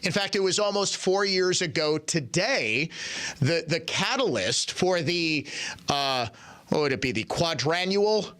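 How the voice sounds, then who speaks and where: A man's voice: fairly high pitch, lively intonation, measured pace, fairly bright tone. A middle-aged man hosting a political talk radio show, delivering a sardonic monologue with mocking asides and reading listener messages aloud.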